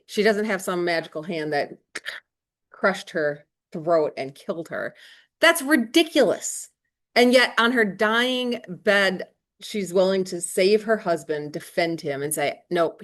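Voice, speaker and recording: A woman's voice: on the low side, expressive, measured pace, a bit bright. A woman teacher explaining a play in a chatty, emphatic way with slangy asides and rhetorical questions. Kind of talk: casual classroom explanation.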